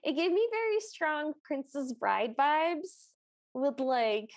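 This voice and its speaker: A woman co-hosting a podcast casually recaps a film, retelling its scenes with animation and acting out quotes. She speaks slowly in a high-sitting voice, with no echo on the recording.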